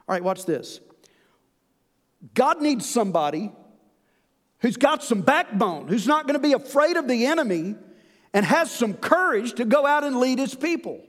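A male pastor preaching a sermon in an earnest manner, slowing down to stress key lines. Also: extremely high pitch, sing-song, in a large hall.

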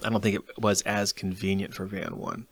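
A man hosting a casual conversation, telling lively stories about a relay race. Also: on the low side, normal speed, slight background noise. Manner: lively storyteller recounting a race.

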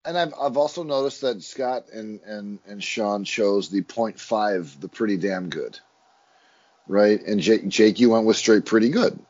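Man, casual movie podcast co-host, rambling and swearing, husky voice. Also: on the low side, measured pace, darkish tone, highs cut off. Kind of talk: casual chat.

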